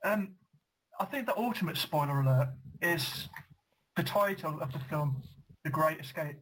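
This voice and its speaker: A man trades silly bits in a casual podcast chat. He rambles through deadpan jokes with lots of fillers, his voice pitched slightly high. A faint hiss sits under the recording. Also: normal speed, low-quality recording. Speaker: podcast co-host.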